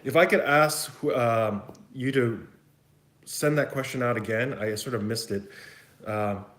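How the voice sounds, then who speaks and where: A man's voice: medium pitch, measured pace, fairly bright tone. A man from Vancouver with a West Coast Canadian accent, answering viewer questions in a casual, rambling live chat. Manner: rambling, chatty, thinks aloud. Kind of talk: casual livestream Q&A. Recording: echoey room.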